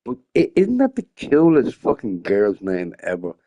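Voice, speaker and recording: A man's voice: fairly low pitch, wildly swooping pitch, moderate pace, mellow, lo-fi sound. A young man chatting casually on a gaming stream, rambling, swearing freely and often breaking into laughter. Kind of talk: casual live-stream chat.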